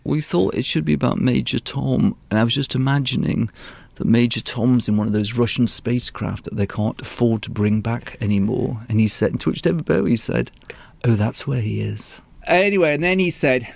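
A man's voice: mid-range voice, fairly quick, creaky, darkish tone, no echo. A man casually telling a studio story, rambling and correcting himself as he goes, with a chuckle now and then. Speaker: musician telling a studio anecdote. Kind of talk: casual anecdote.

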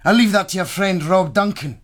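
An actor playing a coarse, bullying soldier home on leave, speaking with a Scottish accent in a crude, domineering way. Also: male voice, sits high, fairly quick, a bit bright. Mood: contemptuous.

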